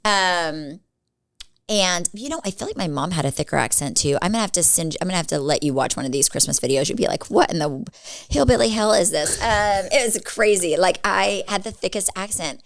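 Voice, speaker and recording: A woman's voice: lowish voice, lively intonation, fairly quick, fairly bright tone. A woman in her forties co-hosting a podcast, telling stories in a casual, rambling way and leaning on "like" a lot. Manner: chatty storyteller, filler-heavy with frequent "like". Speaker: podcast co-host. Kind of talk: casual chat.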